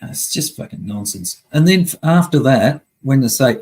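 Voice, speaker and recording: Male streamer, husky, blunt and profane, venting to chat. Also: medium pitch, lively intonation, moderate pace, few pauses, a little mellow, rough recording. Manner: heavy swearing, angry and blunt. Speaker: live stream host. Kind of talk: casual live-stream rant.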